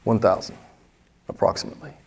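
A man's voice: quick pace, a little mellow. A pastor in his sixties preaching a candid, conversational sermon and putting pointed questions to his congregation in a church. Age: 60s. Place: church sanctuary.

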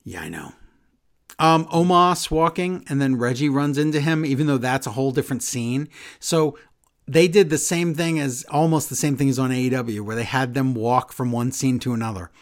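A man casually chatting as a podcast co-host, recapping wrestling in an animated way and acting out quotes. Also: medium pitch, moderate pace. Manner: animated recapping, acts out quotes in shifting voices. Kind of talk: casual chat.

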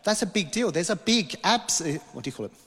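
A man's voice: sits high, big pitch swings, quick pace, fairly bright tone, husky, in a large hall. A man from Britain preaching a sermon, telling a personal vision story with rambling asides and small jokes. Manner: storytelling, rambling, self-interrupting, joking asides. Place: church hall.

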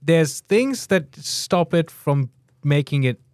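A man co-hosting a podcast, making his case earnestly with halting restarts. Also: fairly high pitch, lively intonation, darkish tone, dry recording, clean studio sound. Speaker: podcast co-host. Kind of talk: casual debate chat.

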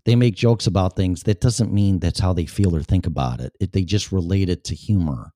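A man hosts his own talk show and answers the chat room in a blunt, sarcastic way, swearing freely. His voice sits very low and mellow. The sound is close and dry. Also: a little fast, no echo. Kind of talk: casual solo show, reading chat aloud.

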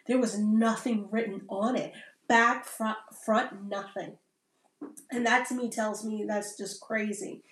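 A woman's voice: medium pitch, fairly even intonation, a little slow, a bit bright. A woman, a Navy veteran, talking in a casual, rambling podcast conversation and often checking in with "right?". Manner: rambling, keeps adding "right?" tags. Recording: roomy sound from a distant mic.

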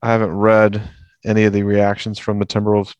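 Lowish guy doing the news bit on a hoops podcast, thoughtful, dry mic. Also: monotone, a little fast, darkish tone, clean tone, no room sound, lo-fi sound. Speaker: podcast co-host, news segment. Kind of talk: casual basketball chat.

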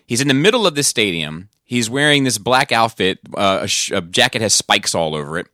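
Bright-voiced man telling a story. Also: lowish voice, fairly quick, dry recording, studio quality. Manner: animated storytelling, swears casually. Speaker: podcast co-host. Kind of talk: casual chat.

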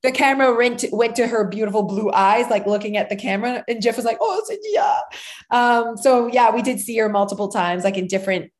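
A woman in her thirties, co-hosting a casual podcast, telling a rambling story full of fillers and quick acted-out quotes. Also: fairly high pitch, fairly even intonation. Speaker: podcast co-host, mother of a child actor. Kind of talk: casual chat.

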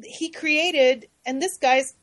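Woman screenwriter guest, animated storyteller, lots of restarts, fairly high voice. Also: slow, rough recording. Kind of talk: casual radio talk.

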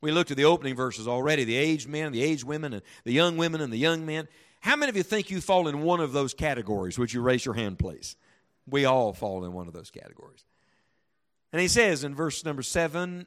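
Dramatic preacher swinging hushed to loud. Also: male voice, fairly high pitch, animated. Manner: reads scripture slowly with heavy emphasis. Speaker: pastor. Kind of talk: sermon. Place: church sanctuary before a congregation.

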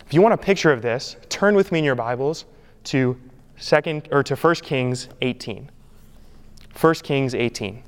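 A man's voice: medium pitch, lively intonation, moderate pace, smooth. A man preaching a sermon as pastor, earnest and emphatic, leaning on repeated phrases. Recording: long hall reverb.

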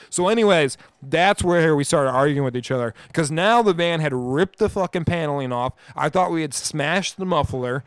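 A man co-hosting a casual podcast, telling road-trip stories with loud, profane, acted-out bursts. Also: a little high, normal speed, few pauses, clean tone, dry recording, studio quality. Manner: animated, profane storyteller acting out scenes loudly. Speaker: podcast co-host. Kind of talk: casual storytelling.

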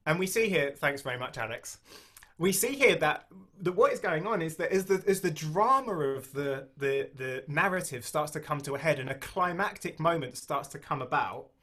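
A man preaching a sermon and reading scripture aloud, slowing down to stress key phrases and speaking conversationally with small restarts. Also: on the high side, animated, pushed and bright.

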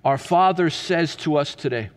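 A man preaching a sermon as pastor, earnest and emphatic, then dropping to a soft, hushed delivery. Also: a little high, moderate pace, big-room sound.

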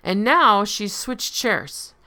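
Bright-voiced woman explaining casually. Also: mid-range voice, big pitch swings, slow. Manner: conversational explaining, frequent "right?" and "um". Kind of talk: casual spoken lesson.

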